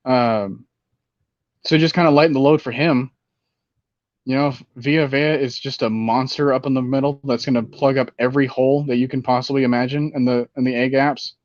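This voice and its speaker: Man, casual sports chat, rambling, animated, muffled sound, dry room. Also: mid-range voice, fairly quick, no room sound. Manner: rambling, animated, with many fillers. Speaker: fantasy football podcast host.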